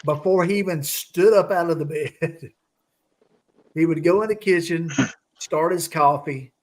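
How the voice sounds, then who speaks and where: A man's voice: fairly high pitch, a little slow. A man hosting a live casual group chat, telling stories in a laid-back way. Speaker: live show host.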